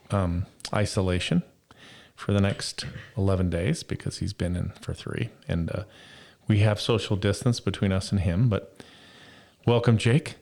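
A man's voice: on the low side, darkish tone. A man hosting a podcast in a casual, joking, rambling chat. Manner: jokey, upbeat, rambling. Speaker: podcast host.

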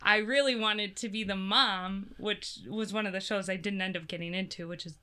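A woman's voice: mid-range voice, steady tone, normal speed, pushed and bright, clear, resonant tone. A young woman, a community theater actor, chatting casually as an interview guest and laughing easily.

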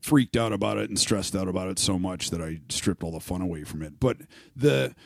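Speaking fairly quickly in a low, creaky voice, a middle-aged host from Saskatchewan, Canada, rambles candidly on his podcast, swearing often and restarting sentences. The recording is clean studio sound with no room sound.

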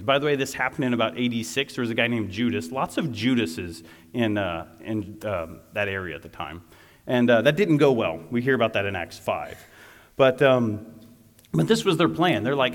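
A man preaching a lively, conversational sermon as a youth pastor, often turning aside to talk to the listeners. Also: mid-range voice, a little fast, long reverb tail.

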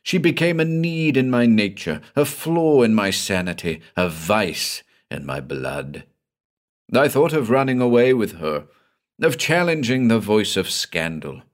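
A man's voice: mid-range voice, big pitch swings, unhurried. A man voicing a guilt-ridden middle-aged doctor, speaking in an agitated, intense, confessional way. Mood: anguished.

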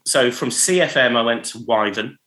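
This is a man chatting casually about his radio career and laughing often as he talks. He acts out callers and jingles along the way. His voice is bright and forceful, and it carries a noticeable room echo. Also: medium pitch, normal speed. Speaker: radio programmer, podcast guest. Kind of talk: casual anecdotal chat.

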